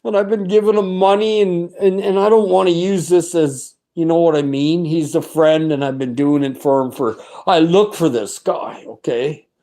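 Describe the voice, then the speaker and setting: A man's voice: on the high side, steady tone, normal speed, few pauses, warm tone. A middle-aged man giving a personal religious testimony, talking in an earnest, rambling and fervent way with many restarts.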